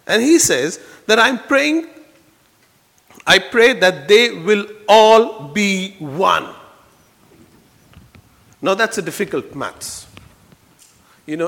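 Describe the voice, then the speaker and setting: A man preaching a sermon in a church, earnest, moving between soft low passages and loud emphatic ones. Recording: long reverb in a hall.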